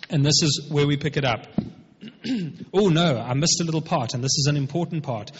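Husky-voiced preacher in an echoing hall. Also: male voice, fairly high pitch, brisk. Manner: conversational, explaining with asides. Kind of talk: sermon, retelling a scripture passage. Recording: reverberant hall, dull lo-fi sound.

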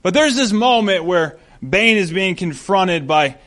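A pastor with a high voice preaches a sermon at an unhurried pace. His manner is conversational and animated, built around storytelling.

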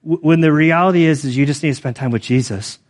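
Conversational pastor telling stories from the pulpit. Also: male voice, fairly high pitch, quick pace. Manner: casual, conversational, many fillers like "like". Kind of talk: storytelling sermon.

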